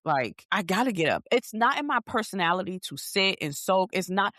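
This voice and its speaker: A woman's voice: lowish voice, moderate pace, hardly any pauses, dry recording, studio quality. Candid woman telling a personal story. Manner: candid, confiding, animated retelling with inner-voice quotes. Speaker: podcast host and therapist.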